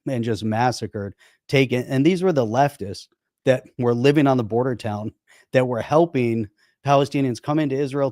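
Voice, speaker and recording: A man's voice: medium pitch, darkish tone, dry recording, clean studio sound. A man co-hosting a podcast in casual chat, talking bluntly and emphatically, often restarting and repeating himself. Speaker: podcast co-host.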